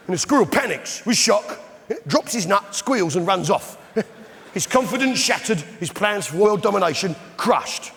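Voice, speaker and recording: A man's voice: high voice, lively intonation, normal speed, creaky, fairly bright tone, in a large hall. A middle-aged English man doing stand-up in a blustering, bellowing, indignant manner, working a live audience. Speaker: stand-up comedian in pub landlord character. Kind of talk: stand-up comedy. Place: large theatre with live audience. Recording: live theatre recording with crowd laughter. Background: audience laughter.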